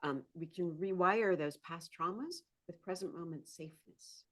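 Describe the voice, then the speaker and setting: A woman with a fairly low voice, speaking at normal speed, appears as a podcast guest in a conversational interview. A psychotherapist moving into coaching, she talks animatedly, acts out inner voices, and laughs often.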